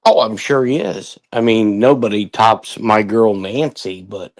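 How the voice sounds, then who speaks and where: A campaign manager speaking plainly in casual livestream chat. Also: male voice, lowish voice, a little slow, no echo.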